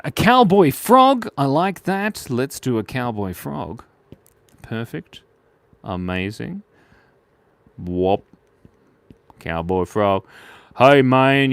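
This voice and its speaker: A man's voice: mid-range voice, dry recording. An Australian man hosting a live drawing stream, chatting playfully with viewers and giggling at their jokes. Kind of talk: casual live drawing chat.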